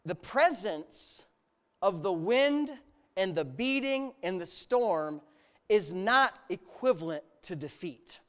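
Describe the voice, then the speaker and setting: A male pastor delivers a sermon with a lively, rising-and-falling voice. He builds his points through long, rhythmic lists and presses them home with emphasis. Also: sits high, slow pace. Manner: animated preaching, builds with repeated lists.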